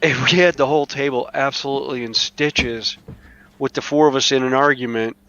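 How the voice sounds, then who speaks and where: A man's voice: mid-range voice, fairly even intonation, brisk, fairly bright tone, highs cut off. A man from the Carolinas with a Southern US accent tells rambling stories full of fillers and restarts in a casual group voice chat. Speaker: chat participant. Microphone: online voice chat mic.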